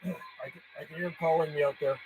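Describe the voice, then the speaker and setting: A man from Canada chatting and calling stations live from his home radio room as a ham radio operator, friendly and relaxed. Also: a little high, fast, noisy background.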